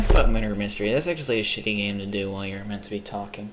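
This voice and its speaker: A man's voice: on the low side, very fast, few pauses, noisy background. A young man chatting casually on a live stream while he plays games, rambling, swearing freely and poking fun at himself. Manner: rambling, profane, self-mocking.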